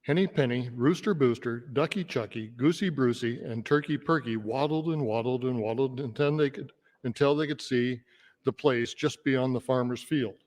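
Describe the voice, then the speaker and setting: A man's voice: mid-range voice, normal speed, a little mellow. A man, a state senator, reading a children's fable aloud in a playful storytelling manner during floor debate. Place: legislative chamber. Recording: long reverb of a large chamber.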